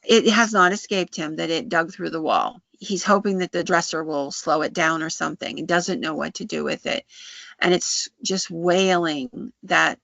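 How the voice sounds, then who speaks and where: A podcast host casually retelling a folk tale, with frequent restarts and halting phrasing. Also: medium pitch, vocal fry, pushed and bright, no echo, highs cut off.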